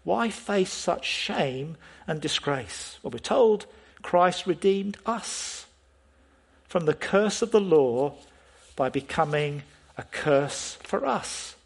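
Preacher, male, husky slightly high voice, earnest sermon delivery full of questions to the congregation. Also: expressive, slow. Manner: earnest, asks the listeners questions, stresses key words.

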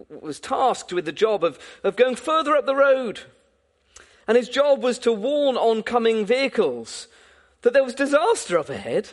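A man preaching a sermon, earnest and often repeating words as he builds a point. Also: sits high. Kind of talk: sermon with prayer and storytelling.

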